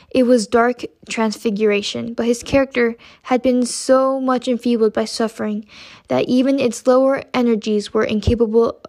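A woman reads a classic novel aloud at a steady, measured pace. Her voice sits somewhat high for a woman, and she stumbles over a word now and then. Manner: steady measured reading with occasional slips. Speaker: audiobook reader.

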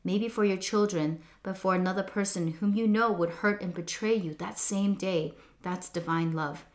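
A woman giving a scripted devotional reflection in an earnest, measured, reflective way. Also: mid-range voice. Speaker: devotional speaker.

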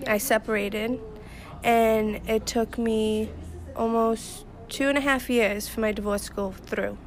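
A woman's voice: a little high, fairly even intonation, measured pace. A woman guest candidly telling a personal story in casual chat.

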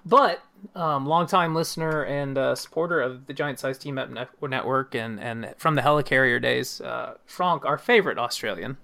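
A man hosting a podcast in casual chat, animated, laughing often and restarting his sentences. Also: medium pitch, normal speed, vocal fry. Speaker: podcast host.

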